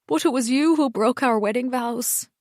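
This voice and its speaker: A woman's voice: a little high, normal speed, darkish tone, no echo, studio quality, pitched above the performer's own voice, close to an everyday voice. Woman voicing a suspicious, hurt wife. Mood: pleading. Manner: anxious, accusing, pleading.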